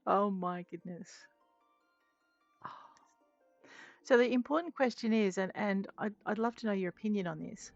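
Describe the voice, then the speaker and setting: A woman's voice: mid-range voice, normal speed, gravelly, long pauses, no room sound. Chatty, giggly woman streamer. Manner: chatty, giggly, reacts aloud to the game. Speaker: streamer playing a video game. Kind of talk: casual live-stream commentary. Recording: slightly dull lo-fi audio with faint music.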